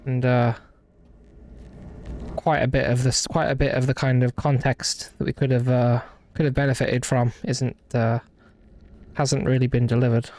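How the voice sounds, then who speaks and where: This is a young streamer from the English Midlands, his accent light, chatting loosely over a game with plenty of false starts and hesitation. He speaks at normal speed in a medium, fairly flat pitch with a darkish tone, and the recording is dry.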